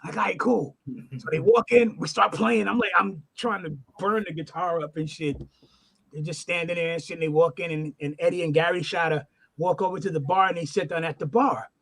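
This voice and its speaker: A middle-aged man, a guest musician, telling an animated, profane story in casual chat. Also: on the high side, brisk. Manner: animated, profane, acts out the voices in his stories.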